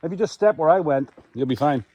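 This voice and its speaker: A man's voice: a little high, lively intonation, fast, mellow, highs cut off. An Irish man hosting a podcast, chatting casually and easygoing while hiking in wooded mountains. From Ireland. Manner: easygoing, chatty, laughs often. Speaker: podcast host. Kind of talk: casual outdoor vlog chat.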